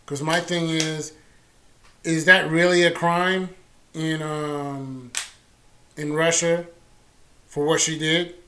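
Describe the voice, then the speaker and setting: A man's voice: a little high, little pitch movement, slow, long pauses, bright, forceful tone, slight background noise. A man hosting a casual political talk stream, sarcastic and loose, with many fillers.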